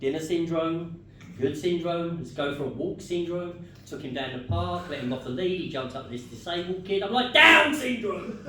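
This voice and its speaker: A man doing a stand-up comedy set, telling jokes in a deadpan storytelling way and chuckling at his own punchlines. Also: fairly high pitch, noisy background. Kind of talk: stand-up set with crowd work. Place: comedy club stage. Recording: echoey club room, mic far off.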